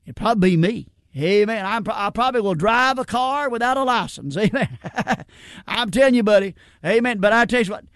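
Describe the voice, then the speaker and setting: A man's voice: sits high, animated, fairly quick, a bit bright, smooth, dry recording, clean studio sound. A middle-aged man preaching a sermon in a plain, folksy way, stumbling over repeated words and dropping in frequent amens. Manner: plain-spoken folksy preaching, frequent stammered restarts and "amen".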